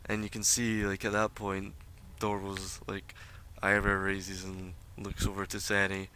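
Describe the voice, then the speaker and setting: Man, game master, narrating tabletop scene, filler-heavy, lowish pitch, bright edge, faint noise. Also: completely flat delivery, unhurried. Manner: rambling with many fillers.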